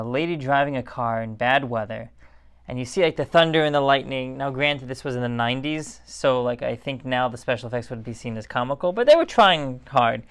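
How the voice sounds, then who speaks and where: A man's voice: mid-range voice, smooth. A tired man giving a casual, rambling Torah talk as a rabbi, in a conversational and digressive way.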